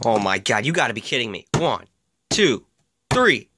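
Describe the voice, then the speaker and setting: A man calling a mock wrestling match with excitable play-by-play commentary and deadpan asides. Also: mid-range voice, normal speed, noisy background.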